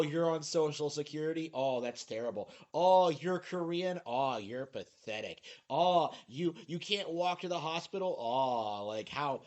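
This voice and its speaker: A man's voice: on the high side, a little mellow. A man narrating a commentary video, sarcastic and incredulous. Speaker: YouTube commentator.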